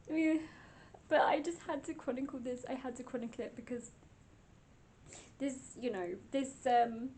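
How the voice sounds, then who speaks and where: A woman ghost hunter speaking in a hesitant, halting way, close to tears. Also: sits high. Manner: hesitant, halting, with nervous laughs. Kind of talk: vlog commentary.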